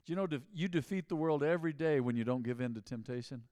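A man preaching a mid-week sermon as pastor, talking in a conversational, animated way that swings from loud to quiet. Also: a little high, fast, hardly any pauses, no echo, clean studio sound.

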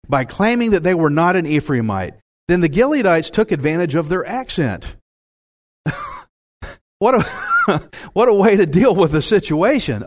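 Animated folksy Texan preacher man. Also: on the high side. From Texas. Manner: folksy, animated, laughs at himself. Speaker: pastor. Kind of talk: sermon.

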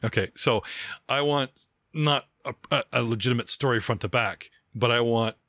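A man's voice: medium pitch, moderate pace, pushed and bright, no room sound, clean studio sound. A man hosting and running a tabletop role-playing game as game master, chatty, laughing often and acting out side characters.

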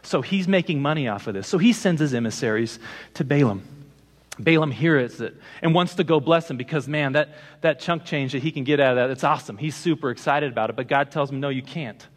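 A man preaching a sermon as a pastor, retelling a scripture story with lively, emphatic delivery. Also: mid-range voice, brisk, long reverb tail.

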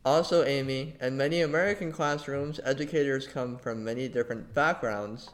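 Measured man explaining as a guest. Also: medium pitch, fairly even intonation. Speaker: podcast guest, Spanish tutor. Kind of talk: reading prepared answers.

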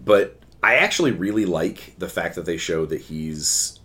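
A man co-hosting a casual podcast chat, animated and quick to put on goofy voices. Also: deep voice. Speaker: podcast co-host.

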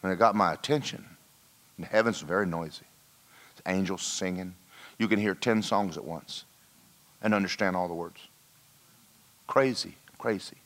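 Low-voiced man preaching a testimony. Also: normal speed, pauses often. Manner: storytelling, dropping to a hushed voice for emphasis. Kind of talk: sermon with personal testimony. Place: church hall.

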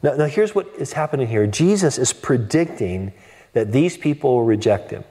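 A man's voice: mid-range voice, expressive, moderate pace, mellow. Earnest preacher man in reverberant hall. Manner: earnest, with frequent restarts and emphatic rhetorical questions. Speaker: pastor. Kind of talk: expository sermon. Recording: long reverb of a large hall.

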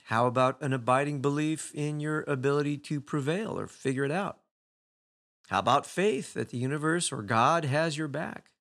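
A man's voice: medium pitch, fairly bright tone. A man giving a reflective motivational talk in a conversational way, posing rhetorical questions to the listener. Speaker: motivational speaker.

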